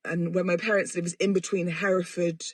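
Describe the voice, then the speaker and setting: A woman's voice: fairly low pitch, level tone, a little fast, no room sound. A woman, hosting a podcast in a rambling, self-mocking and sweary casual chat. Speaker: podcast host. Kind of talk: casual chatty monologue.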